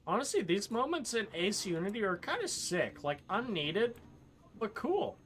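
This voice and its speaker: A man's voice: high voice, very animated, moderate pace, fairly bright tone. A man streaming a video game, giving casual commentary and ranting with strong opinions and swearing. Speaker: gaming streamer.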